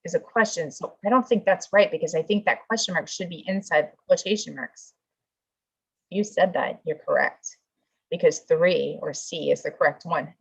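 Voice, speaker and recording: A woman teacher leads an online class, working through answers aloud and encouraging her students. Her voice sits a little low. The audio is dull and lo-fi, as from a video call. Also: moderate pace, breathy edge.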